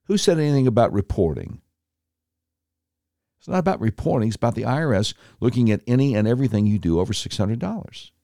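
A man's voice: mid-range voice, lively intonation, racing, vocal fry, warm tone, no room sound, clean studio sound. A man hosting an opinionated talk monologue, sarcastic and mocking as he comments on clips. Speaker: political commentary host.

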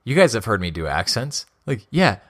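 Male podcast co-host, low voice, opinionated, laughs easily, casual. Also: moderate pace. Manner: opinionated, laughs often, lively asides. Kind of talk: casual chat.

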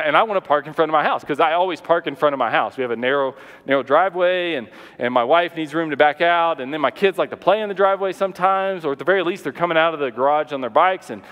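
A man preaching a sermon, telling a personal story in an animated way, often repeating words and acting out what people said. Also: on the high side, in a large hall. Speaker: pastor.

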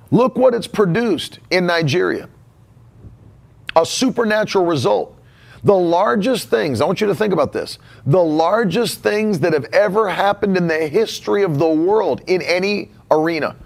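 Emphatic pastor preaching. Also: male voice, high-pitched, lively intonation, moderate pace, gravelly. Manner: emphatic, repeats key phrases. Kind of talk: sermon.

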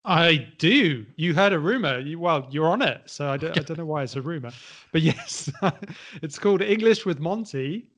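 A man's voice: fairly high pitch, expressive, moderate pace, a bit bright. Man co-hosting a casual podcast. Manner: asks questions, hedges with "kind of". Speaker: podcast co-host and English teacher.

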